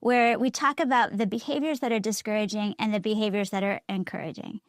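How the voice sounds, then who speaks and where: A middle-aged woman co-hosting a parenting chat, animated and laughing often as she tells stories. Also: mid-range voice, brisk, no echo, clean studio sound. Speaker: podcast co-host. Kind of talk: casual chat.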